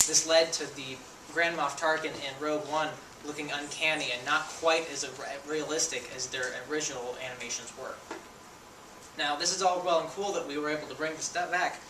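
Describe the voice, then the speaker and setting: A man's voice: a little high, fairly even intonation, brisk. A young man giving a persuasive contest speech, engaging the audience with questions. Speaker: student speaker. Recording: echoey room, voice from a distance, faint noise.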